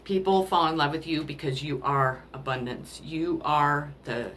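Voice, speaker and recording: A woman doing a spiritual card reading, emotional and rambling, often pausing to apologize as she talks to the listener about love. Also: low-pitched, a bit bright, a little hiss or hum. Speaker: tarot card reader.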